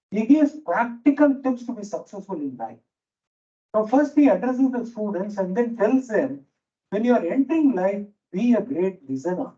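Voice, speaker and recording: A high-pitched man with a dark tone and an Indian English accent gives a faculty talk to teachers as a management teacher, telling stories and repeating key phrases for emphasis. The recording is dull and distant, made in a lecture hall with a noisy fan.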